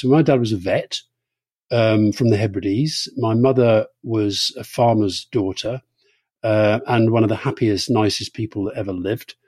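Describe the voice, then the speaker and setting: A man with a mellow, slightly husky voice chats easily as a podcast co-host. He reads out listener questions and answers in a plain, conversational way. The recording is close and dry. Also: mid-range voice, no echo. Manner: reads listener questions, brisk with frequent murmured agreement. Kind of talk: casual conversational chat.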